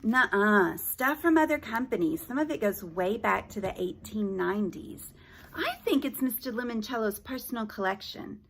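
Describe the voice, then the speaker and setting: A woman reading aloud plays a chatty teenage girl in a children's storybook, eager to share. Her voice is lively and bright with a slight gravelly edge. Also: mid-range voice, normal speed, slight background noise. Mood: excited.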